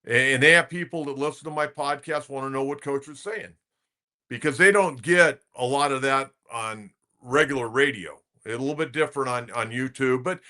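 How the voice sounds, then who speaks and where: A man's voice: medium pitch, moderate pace, bright, forceful tone. A man hosting a sports talk podcast, who talks bluntly and conversationally and repeats himself for emphasis. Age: older.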